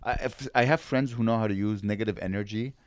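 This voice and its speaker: A man hosting a casual podcast who speaks reflectively and often restarts mid-thought. His voice sits fairly low, and it is recorded close and dry. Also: fast, smooth, dry recording. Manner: reflective, searches for words with many restarts. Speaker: podcast host, comedian. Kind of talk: casual chat. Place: podcast studio.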